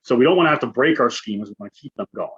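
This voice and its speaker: A male conference presenter speaks relaxed and conversational, constantly checking in with "right?" tags. His husky, mid-range voice moves very fast, and the recording is muffled, dull and lo-fi.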